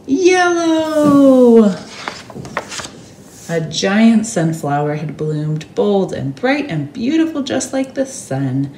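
A woman reading a picture book aloud to children at a church service, expressive and animated. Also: fairly low pitch, reverberant, a little hiss or hum. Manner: expressive, animated read-aloud with sound words.

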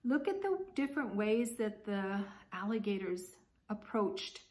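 Slow-reading woman sharing a storybook. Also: medium pitch, animated. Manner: slow and gentle, with pauses to explain; frequent fillers before reading. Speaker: story reader. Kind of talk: reading a picture book aloud to a child.

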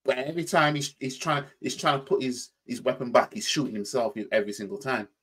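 A man's voice: mid-range voice, fast talker, a bit bright, slightly rough. A man with a Yorkshire accent, hosting a reaction channel, with casual commentary that often stammers and repeats "you know what I mean". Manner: mocking mimicry in quoted voices.

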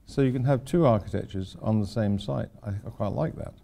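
A man's voice: lowish voice, fairly quick, creaky, warm tone. An older man, an architect giving an informal lecture, rambling through anecdotes with wry asides.

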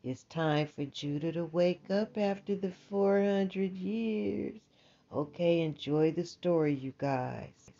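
A woman narrating a bedtime story in a casual, colloquial, animated way. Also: lowish voice, slow pace. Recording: dull lo-fi sound, faint music.

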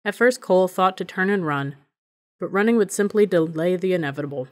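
A woman reads a novel aloud as an audiobook narrator. Her delivery is measured and even, and her voice sits a little low for a woman.

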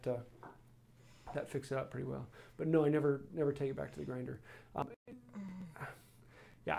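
A man hosting a live woodworking stream, answering viewer questions in a casual, rambling way with many pauses. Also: on the high side, vocal fry. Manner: relaxed, rambling explanations with many ums. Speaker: woodworking channel host.

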